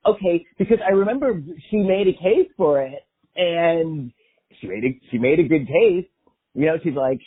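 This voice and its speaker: A man's voice: fairly high pitch, animated, normal speed, husky. A man from the US West Coast, a podcast guest in casual chat, agreeable and reflective, heard over a tinny phone-like line.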